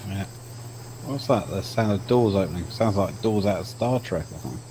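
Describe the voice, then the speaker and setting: A man's voice: deep voice, fairly quick, dark tone, a little hiss or hum. A laid-back man chatting over voice chat in a co-op game, laughing easily and swearing casually. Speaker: gamer.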